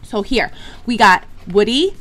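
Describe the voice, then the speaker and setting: A woman hosting a toy unboxing video, chatty and excitable, talking straight to her viewers. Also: medium pitch, a little slow, faint music behind. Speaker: toy unboxing channel host. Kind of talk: casual unboxing chat.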